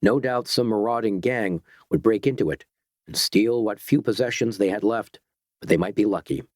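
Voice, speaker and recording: A man narrating an audiobook of a novel in a steady, dramatic reading. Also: fairly low pitch, normal speed, dry recording.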